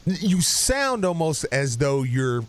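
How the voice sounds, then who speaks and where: A man's voice: fairly high pitch, very animated, takes it slowly. Chatty laughing man in a studio. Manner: chatty, laughing, stumbling restarts. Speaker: sports radio co-host. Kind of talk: casual sports talk. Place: radio studio.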